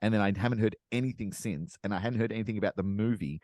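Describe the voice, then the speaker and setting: On a dry recording, a man with a lowish voice talks fast while co-hosting a laid-back podcast. His animated, sarcastic rant about a film is packed with profanity.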